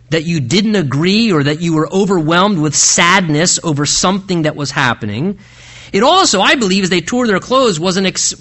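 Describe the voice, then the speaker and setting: A man preaching a sermon as pastor, earnest and emphatic, rising to high stresses and dropping to hushed low phrases.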